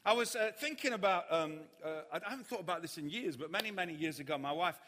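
A man preaching a sermon, telling a funny story and acting out the panic of others in shouts. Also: on the high side, animated, fast. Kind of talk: sermon with humorous anecdote. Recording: hall reverb.

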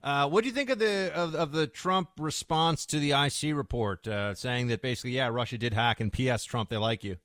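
A man's voice: medium pitch, a little fast, hardly any pauses, a bit bright, no echo, studio quality. A man hosting a political radio talk show, joking and mock-indignant in casual chat.

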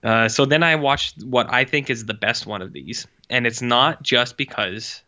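Bright, rambling sarcastic man, dull audio. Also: medium pitch, a little slow. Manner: rambling, sarcastic, heavy use of "like". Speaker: podcast co-host reviewing short films. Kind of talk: casual chat.

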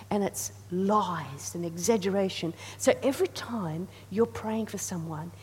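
A woman's voice: mid-range voice, a little mellow, husky. A woman preacher giving a sermon, earnest and repetitive, leading the congregation in call and response. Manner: earnest, repeats phrases, leads the congregation in responses. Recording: reverberant hall with faint hum.

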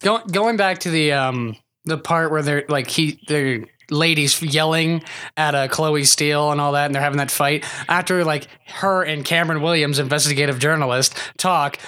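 A man's voice: on the high side, normal speed, sharp tone. A man appearing as a guest on a podcast, chatting casually about a movie with joking, incredulous asides. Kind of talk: casual comedic movie chat.

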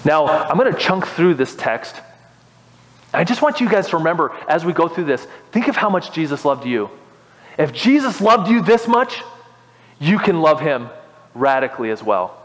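A man's voice: on the high side, very animated, moderate pace. A man preaching a sermon as pastor, emphatic and repeating his key phrases. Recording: long reverb of a hall.

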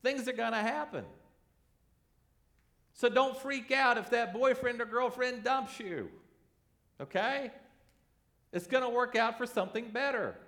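A man preaching a sermon, animated and conversational, acting out the voices in his examples. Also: extremely high pitch, unhurried, pauses often. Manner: animated, acts out quoted voices. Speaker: pastor.

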